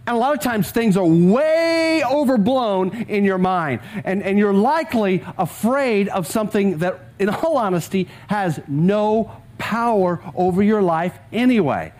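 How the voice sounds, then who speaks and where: A middle-aged male pastor delivers a sermon in a notably high voice. He tells a story to his congregation, often repeating words and chuckling as he talks. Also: expressive, measured pace, few pauses, a little mellow. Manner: storytelling, with frequent word repeats; chuckles often while talking. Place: church service with a live congregation.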